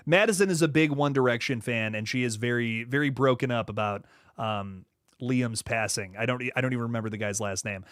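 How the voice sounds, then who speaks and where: A young man hosting a horror livestream, chatting casually and reading viewer comments aloud, often laughing and dropping into low asides. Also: fairly quick, fairly bright tone, dry recording, studio quality. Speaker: horror channel host reading live chat.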